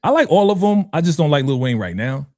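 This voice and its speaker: A man's voice: fairly high pitch, sing-song, fast talker, darkish tone, dry recording. Dry-voiced New York man talking hip hop. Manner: conversational storyteller, frequent "you know what I'm saying". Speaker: podcast co-host. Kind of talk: casual podcast chat.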